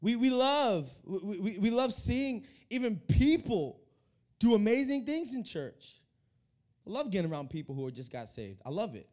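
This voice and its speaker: A young man preaching a lively sermon to a youth congregation, often repeating his words as he builds energy. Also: sits high, moderate pace. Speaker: youth pastor. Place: church hall.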